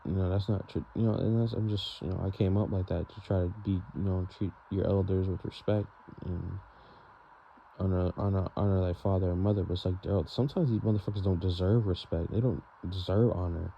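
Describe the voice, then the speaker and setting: A young man vents in a rambling, frustrated monologue, leaning on fillers and "bro". His voice sits low with a gravelly, creaky edge. The recording is dull and lo-fi, with faint hiss underneath. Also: steady tone, fairly quick. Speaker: vlogger. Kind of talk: venting monologue. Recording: dull lo-fi sound with faint noise.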